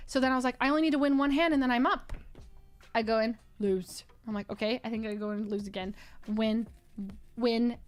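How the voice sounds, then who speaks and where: A woman telling a story in casual chat, dramatic and quick to laugh. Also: on the high side, clean tone, soft background music. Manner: animated, dramatic, laughs often. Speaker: streamer.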